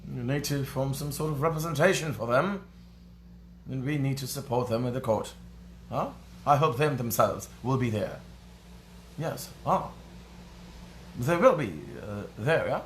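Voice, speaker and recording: A man voicing a prim, proper-spoken English news critic with careful, formal enunciation and a measured, pompous newsreader delivery. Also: medium pitch, a little hiss or hum, natural voice.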